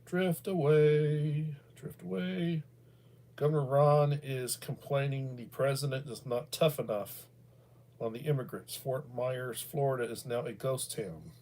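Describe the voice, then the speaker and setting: A man's voice: medium pitch, steady tone, normal speed, a little mellow. A middle-aged American man hosting a livestream, talking in a meandering, casual way with many fillers and restarts. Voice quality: bald. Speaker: livestream host. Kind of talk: casual rambling commentary.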